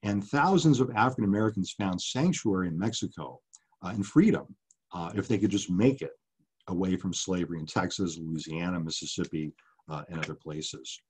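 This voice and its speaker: A man's voice: low voice, brisk, a little mellow, husky. A middle-aged man giving a passionate public lecture as an author, earnest and full of ums and uhs.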